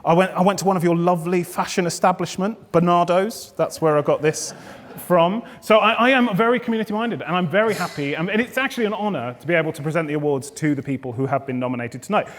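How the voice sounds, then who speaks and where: A man, a stand-up comedian, hosting a live awards night with playful, jokey crowd work and loud calls to the audience. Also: high-pitched, fast, slight background noise. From England. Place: event venue hall, indoors. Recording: echoey hall with long reverb.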